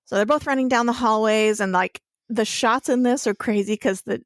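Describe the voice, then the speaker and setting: A woman's voice: on the high side, moderate pace, dry recording, clean studio sound. A young woman co-hosting a podcast, retelling a TV episode in a chatty, casual way with plenty of swearing. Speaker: podcast co-host. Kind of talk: casual TV recap chat.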